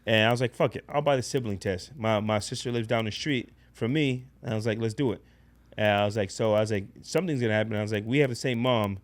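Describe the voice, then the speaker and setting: A man casually telling a personal story in a blunt, profane, animated way as a podcast guest. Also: on the low side, fast talker.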